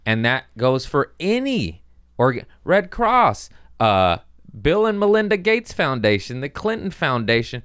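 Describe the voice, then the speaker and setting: A man's voice: mid-range voice, big pitch swings, a little slow, fairly bright tone, clear, resonant tone, no echo, studio quality. A man hosting a podcast, talking loosely and profanely in a jokey comedic rant.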